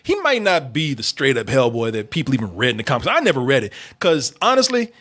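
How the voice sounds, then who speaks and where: A man's voice: medium pitch, very animated, fast talker, a bit bright. A man hosting a casual movie review chat, talking loosely with lots of laughs, fillers and restarts. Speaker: movie review show host.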